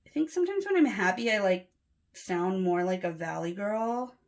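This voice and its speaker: A woman's voice: mid-range voice, expressive, moderate pace. A woman from Los Angeles with a Los Angeles accent, chatting casually and rambling a little while she fills in her planner. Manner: chatty, rambling, soft-spoken with filler words. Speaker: planner vlogger. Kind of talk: casual plan-with-me chat.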